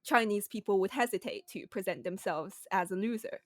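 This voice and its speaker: A young woman with a mid-pitched voice co-hosting a relaxed podcast. She talks in a measured, thoughtful way with small pauses. The recording is dry and close. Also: no room sound. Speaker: podcast co-host. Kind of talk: casual chat.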